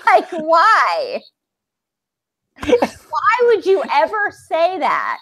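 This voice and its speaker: A woman in her forties chats live about a reality show. Her voice sits high and swings animatedly, and she talks bluntly with jokes at her own expense. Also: huge pitch swings, extremely slow, fairly bright tone. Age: 40s. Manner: blunt, self-deprecating, jokey. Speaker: show recap co-host. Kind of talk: live casual recap chat.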